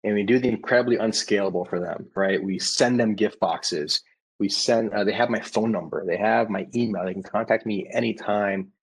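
A man's voice: fairly low pitch, moderate pace, breathy edge, rough recording. A man in his thirties, a startup founder, talking casually in an interview and acting out the customers he quotes. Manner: animated, acts out quoted customers with restarts.

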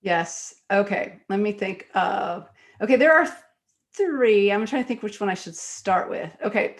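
A woman guest, an author and screenwriter, talking in an interview and telling stories quickly and animatedly, with many fillers. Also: medium pitch. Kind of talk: conversational interview storytelling.

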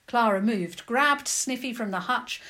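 A woman narrating a children's adventure story in a lively, expressive storytelling manner. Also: fairly high pitch, a little slow.

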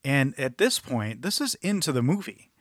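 A man's voice: medium pitch, very animated, normal speed, no echo, studio quality. A man co-hosting a podcast, chatting casually about a film in a rambling, jokey way. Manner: rambling, jokey, self-interrupting. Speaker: podcast co-host.

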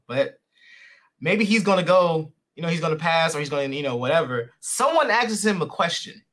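A man hosts a relaxed podcast conversation in a bright, forward voice that sits a little high. He rambles through his stories, full of fillers and restarts. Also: brisk. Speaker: podcast host. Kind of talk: casual interview chat.

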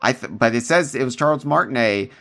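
A man's voice: medium pitch, expressive, quick pace, creaky, fairly bright tone. A man co-hosting a podcast, chatting casually and rambling with restarts and fillers. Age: adult, calls himself old. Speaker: podcast co-host.

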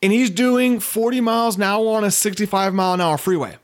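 A man's voice: high-pitched, a little fast. A man hosting a casual podcast, complaining bluntly with swearing. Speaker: podcast host.

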